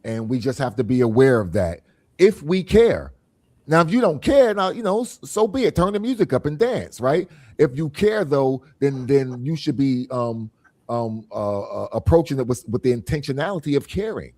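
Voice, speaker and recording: A podcast host with a mid-range voice and normal pace runs a casual group talk show. He's an animated storyteller who spins vivid tales through analogies, acts out other people's voices, laughs often, and repeats phrases.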